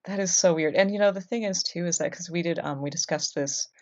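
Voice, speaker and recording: Low-voiced woman hosting a podcast. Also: fast. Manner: musing, with many ums. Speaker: podcast host. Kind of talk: casual chat. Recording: dull lo-fi sound.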